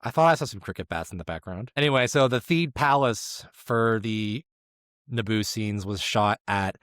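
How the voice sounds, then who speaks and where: A man with a fairly low voice co-hosts a film podcast, chatting loosely and joking at his own expense. He stumbles over tricky place names. The sound is dry and close to the mic. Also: normal speed, fairly bright tone, clear, resonant tone, no echo. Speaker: podcast co-host. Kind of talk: casual chat.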